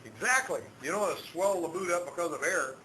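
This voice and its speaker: A man's voice: high-pitched, expressive, fast talker. Man teaching in an echoey shop. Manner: quizzes students, drills terms by repetition. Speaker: automotive instructor. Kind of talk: classroom lecture. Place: auto shop classroom. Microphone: far camera. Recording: echoey shop with loud background noise.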